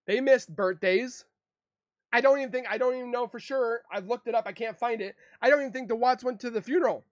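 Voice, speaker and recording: A man's voice: very high voice, no echo, clean studio sound. A man in an emotional, defensive monologue to camera, rambling and repeating himself as a true crime YouTuber. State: emotional, upset.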